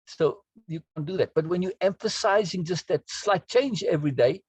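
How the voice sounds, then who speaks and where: Man, course teacher, husky voice, earnest emphatic delivery, dry close sound. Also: high voice, moderate pace, no echo. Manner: earnest, emphatic, often asks "right?". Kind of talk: spoken lesson on self-talk.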